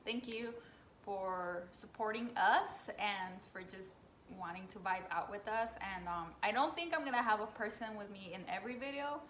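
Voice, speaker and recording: A woman's voice: medium pitch, moderate pace, fairly bright tone. A woman hosting a casual beer tasting chat, talking loosely with lots of fillers. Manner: chatty, hesitant with fillers. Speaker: host. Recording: echoey room with background noise.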